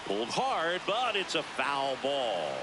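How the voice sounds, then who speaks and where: A man's voice: medium pitch, huge pitch swings, takes it slowly, heavy background noise. A man calling baseball play-by-play in a video game, rising sharply on big hits. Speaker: play-by-play announcer. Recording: game music loud underneath.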